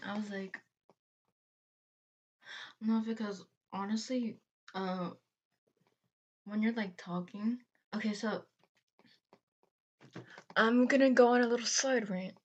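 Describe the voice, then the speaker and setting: A woman's voice: medium pitch, fairly even intonation, slow, long pauses, a little mellow. A woman hosting a reaction video, chatting casually and rambling into side rants, laughing between her thoughts. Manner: chatty, tangent-prone, laughs between phrases.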